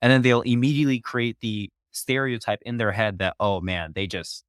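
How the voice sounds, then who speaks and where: A man hosting an interview speaks in a low, dry voice with no room echo. He sums up what his guest said in an earnest, appreciative way, giving his own thoughts between the guest's answers. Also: fairly even intonation, moderate pace, smooth. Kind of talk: interview questions and reflections.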